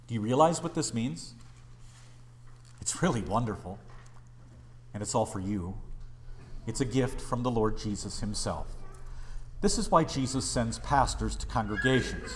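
A male pastor preaching a sermon, pleading and impassioned, swinging between raised urgency and hushed, tender lines. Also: medium pitch, expressive, normal speed, long pauses, slight background noise.

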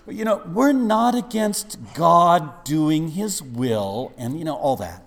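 A man's voice: fairly high pitch, lively intonation, slow, creaky, exaggerated voice. A man preaching, acting out exasperated church members who scold their pastor in a mock-polite way. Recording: long reverb of a large hall.

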